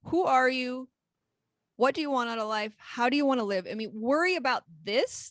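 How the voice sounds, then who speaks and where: A woman's voice: high-pitched, expressive, normal speed, no echo. A woman in her forties co-hosting a podcast in casual chat, frank and rambling, swearing freely. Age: 40s. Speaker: podcast co-host.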